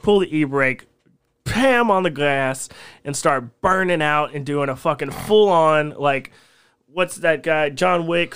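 A man's voice: on the high side, a bit bright, clean tone. Profane man telling a story. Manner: rambling, profane and laughing as he tells stories. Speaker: guest. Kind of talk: casual storytelling on a podcast.

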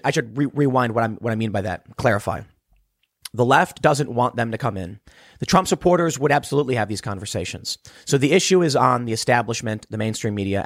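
A man from Chicago hosting a political commentary show on his own, alternating between reading news items and rapid, emphatic opinions. His voice sits at an ordinary middle pitch. The close mic leaves the sound dry, with no room echo. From South Side of Chicago. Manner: rapid, emphatic, repeats words when heated.

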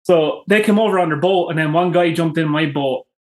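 An Irish man telling excitable fishing stories in a casual podcast chat, swearing freely and acting out quotes. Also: a little high, fairly quick. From Ireland. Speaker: podcast guest. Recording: roomy echo.

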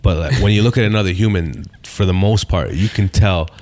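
Casting: male comedian guest, very low voice, laid-back and profane, casual podcast chat. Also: fairly quick, a little mellow. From Canada. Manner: laid-back, swears freely, repeats phrases.

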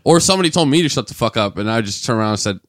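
A man's voice: mid-range voice, expressive, rapid-fire, fairly bright tone, no room sound, studio quality. A man with a New Jersey accent co-hosting a casual podcast, jokey and profane. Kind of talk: casual banter.

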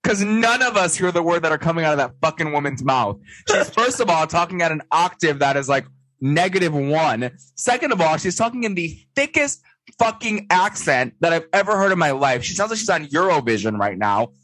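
A man co-hosting a podcast in casual chat, campy and profane, animated when he quotes others. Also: fairly high pitch, brisk, no room sound, low-quality recording. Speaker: podcast co-host.

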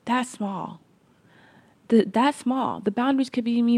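A woman's voice: on the high side, unhurried, long pauses, darkish tone, slightly rough, dry recording. A woman hosting her podcast, talking earnestly in a reflective personal monologue, with frequent restarts and "like" fillers. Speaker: podcast host.

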